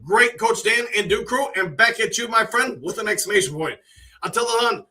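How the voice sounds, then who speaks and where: Bright-voiced man hosting a live chat, friendly and talkative, reads out viewer comments, a bit off the mic. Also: sits high, recorded from a distance. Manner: chatty, greets viewers by name, shares opinions. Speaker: live stream host.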